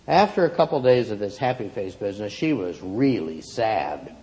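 A man telling a story aloud in an expressive, playful way, acting out the characters. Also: fairly low pitch, normal speed, hardly any pauses, dull audio. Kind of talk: oral storytelling.

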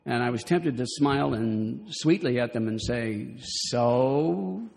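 An older man from Southern California gives a wry, measured talk and reads passages aloud with expression. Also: mid-range voice, creaky, a little mellow. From Southern California, USA. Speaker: speaker on children's literature. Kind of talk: lecture with read-aloud passages. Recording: long reverb of a hall.

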